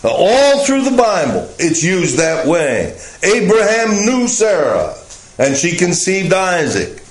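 A man teaching a Bible lesson as pastor, speaking slowly and deliberately with frequent "uh" fillers. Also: high voice, very animated, roomy sound, rough recording.

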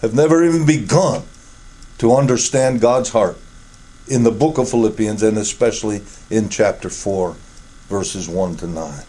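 A middle-aged man preaching a sermon, emphatic, his voice rising high to stress key words. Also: normal speed, mellow, breathy edge.

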